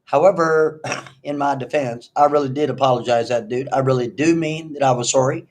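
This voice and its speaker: A middle-aged man ranting in a commentary vlog, animated and mocking. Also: mid-range voice, brisk. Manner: animated, mocking, mimics others in exaggerated voices. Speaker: online video commentator.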